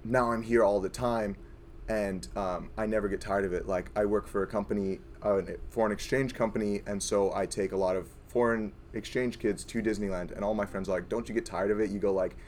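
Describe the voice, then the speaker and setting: A hoarse young man telling an earnest, rambling personal story to a group. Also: fairly low pitch, steady tone, brisk, a little mellow, a little hiss or hum. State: hoarse, voice worn from screaming. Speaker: audience member sharing a story.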